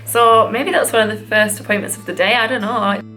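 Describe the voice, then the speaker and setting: A young woman vlogging in a casual, chatty way, excitable and gushing. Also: fairly high pitch, a little fast, faint music behind. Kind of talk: casual vlog chat.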